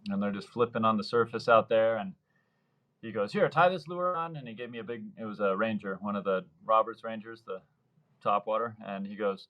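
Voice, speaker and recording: A man's voice: on the low side, flat delivery, fairly quick, dull audio. Man in his thirties, rambling storyteller. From Mexico, Baja California Sur. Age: 30s. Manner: rambling anecdotes, acts out quoted voices. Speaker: surf fishing guide. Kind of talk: casual interview storytelling.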